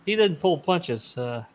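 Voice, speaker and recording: A man's voice: fairly high pitch, darkish tone, slight background noise. A man commentating a sim race, chatting earnestly with co-hosts and reading viewer comments. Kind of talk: casual booth banter and race calls.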